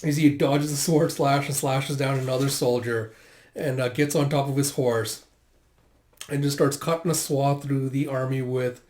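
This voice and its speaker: Heard in a reverberant space, a man with a medium-pitched, fairly even, darkish voice reads a manga aloud at normal speed. This manga readthrough host narrates casually, raises his voice for all the dialogue, relies on plenty of fillers, and hiccups from time to time.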